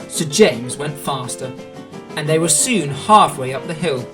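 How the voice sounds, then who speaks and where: A man reading a children's storybook aloud in a gentle, expressive way. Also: a little high, measured pace, music in the background.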